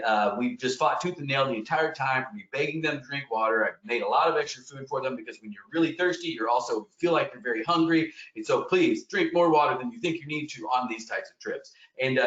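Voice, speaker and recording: A man's voice: mid-range voice, fast talker, hardly any pauses, a bit bright, muffled recording. Earnest male guide, distant roomy audio. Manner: earnest, emphatic storyteller with fillers. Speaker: wilderness expedition guide. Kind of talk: storytelling webinar presentation.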